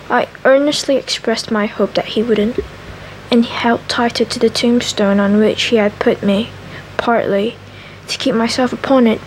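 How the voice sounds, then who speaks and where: A woman with a slightly raspy, scraggly voice reading a classic novel aloud in soft ASMR style, stumbling and correcting herself. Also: fairly high pitch, slight background noise, rough recording. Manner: slow, careful reading with frequent self-corrections. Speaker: ASMR reader.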